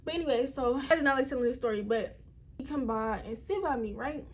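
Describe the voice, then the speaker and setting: A young woman vlogger, indoors at home, tells a personal story in a casual, rambling way, often addressing her viewers directly. Her voice is high-pitched and fairly quick.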